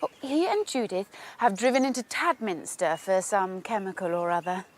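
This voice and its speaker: An actress playing a flighty doctor's wife who chatters in an airy, scatterbrained way. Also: female voice, mid-range voice, normal speed, slight background noise, lightly acted.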